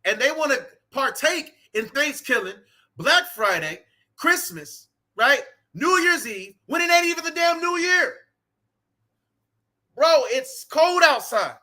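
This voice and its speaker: A man's voice: extremely high pitch, sing-song, slow, sharp tone. A man preaching outdoors with fervor, reading scripture aloud and repeating "man" and "right" between lines. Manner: fervent, repetitive, peppered with "man" and "right". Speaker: street preacher. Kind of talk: impassioned sermon with scripture reading. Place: outdoors in cold weather.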